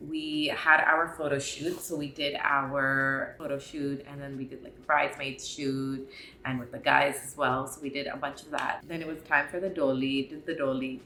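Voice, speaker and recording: A young woman tells a storytime recap in a chatty, gushing, emotional way. Her voice sits low for a woman yet sounds bright and forceful. The room around her is echoey, with a faint hum of ambience. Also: little pitch movement, moderate pace. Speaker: vlogger.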